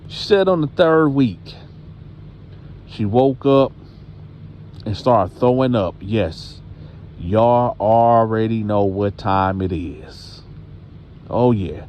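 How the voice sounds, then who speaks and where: A man's voice: lowish voice, expressive, takes it slowly, long pauses, darkish tone, slight background noise. A man telling a story in a casual, conversational way, speaking directly to his listeners.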